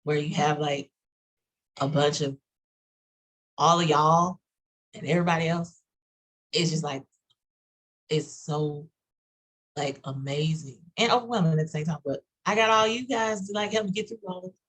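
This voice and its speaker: A woman with a Texas accent, talking quickly with lots of fillers in a casual group video chat. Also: deep voice, low-quality recording. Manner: fast-talking, fillers and run-on sentences. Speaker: roundtable participant.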